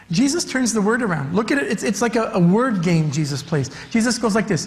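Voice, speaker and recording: A man's voice: high voice, expressive, a little fast, few pauses. A man preaching a sermon as youth director, emphatic and repeating his key phrases for weight. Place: church sanctuary. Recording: long church hall reverb.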